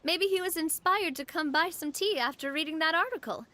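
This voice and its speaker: A woman voicing a cheerful, outgoing young woman in a game, playful and quick to laugh. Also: very high-pitched, sharp tone, no echo. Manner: bubbly, playful, laughs easily. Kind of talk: game voice acting.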